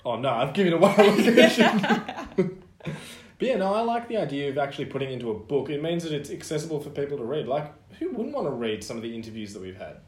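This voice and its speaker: An Australian man co-hosting a podcast in casual chat, playful and quick to laugh as he riffs on silly ideas. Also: fairly high pitch, very animated, darkish tone, roomy sound. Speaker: podcast co-host.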